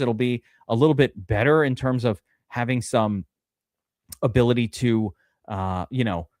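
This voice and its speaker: A man's voice: medium pitch, no room sound, studio quality. A man hosting a live fantasy football draft stream, chatting casually and rambling with restarts.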